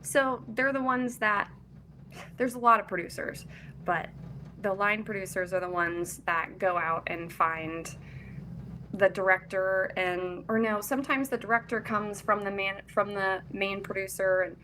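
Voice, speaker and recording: A woman's voice: medium pitch, a little slow, bright, forceful tone, a little hiss or hum. A young woman from Kentucky, an actress and casting director, talking in a chatty, upbeat, giggly way as a podcast guest. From Louisville, Kentucky. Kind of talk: casual interview.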